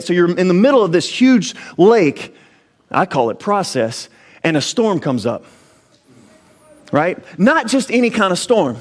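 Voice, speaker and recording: A man preaching a sermon as pastor, with rising emphasis and frequent restarts. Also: high voice.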